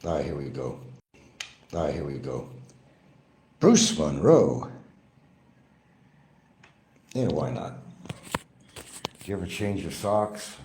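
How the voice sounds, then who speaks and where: A man's voice: extremely low pitch, lively intonation, takes it slowly, long pauses, a little mellow. A man hosting a live stream, chatting to his viewers in a rambling, meandering way. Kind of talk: rambling casual live chat. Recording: noisy ambient background.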